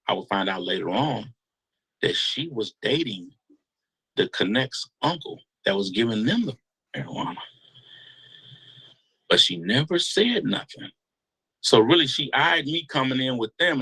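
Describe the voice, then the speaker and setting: A man telling a long story in a casual interview, animated and slangy. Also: mid-range voice, measured pace, pauses often, breathy edge, poor audio. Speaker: guest storyteller.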